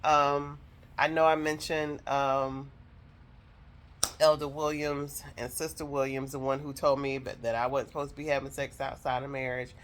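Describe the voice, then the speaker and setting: A woman's voice: extremely low pitch, little pitch movement, moderate pace, slight background noise. Woman telling a heartfelt personal story. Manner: emotional, heartfelt, addresses viewers directly. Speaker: vlogger telling her own story.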